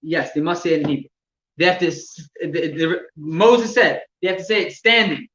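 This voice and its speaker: A man teaching religious laws to a class, explaining step by step with halting repeats and gestures. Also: on the high side, fairly bright tone. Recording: echoey room, distant mic, dull sound with faint noise.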